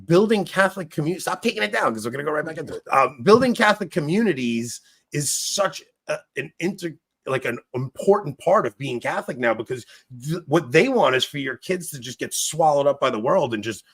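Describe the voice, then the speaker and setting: A man's voice: a little high, animated, fairly quick, fairly bright tone, husky. A man hosting a podcast in casual chat, rambling and laughing often. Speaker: podcast host.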